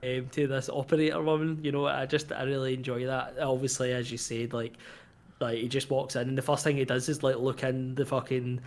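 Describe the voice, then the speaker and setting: A man's voice: medium pitch, level tone, brisk. A Scottish man co-hosting a podcast, animatedly retelling film scenes in casual chat and swearing freely. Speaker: podcast co-host.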